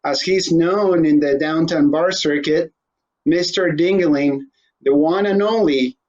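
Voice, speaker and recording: A man's voice: fairly high pitch, unhurried, a little mellow, dull audio. A man hosting a casual interview show, joking irreverently and swearing offhandedly. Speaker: host.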